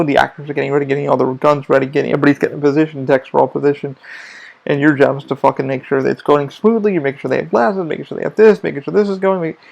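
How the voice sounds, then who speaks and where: A man's voice: medium pitch, creaky, a little mellow, lo-fi sound. A man hosting a podcast, telling rambling stories about his theme park job in a casual monologue full of profanity. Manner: profane, storytelling, emphatic. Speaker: podcast host.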